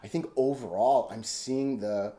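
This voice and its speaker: A man's voice: medium pitch, unhurried, mellow. A man hosting a casual live stream from home, rambling and thinking aloud as he reads stock charts. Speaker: stock chart analyst host. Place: home room.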